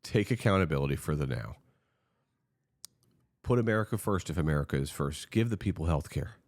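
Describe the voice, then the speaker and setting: A man's voice: extremely low pitch, expressive, brisk, a little mellow. A man giving impassioned political commentary, earnest and frustrated, pleading directly with his viewers.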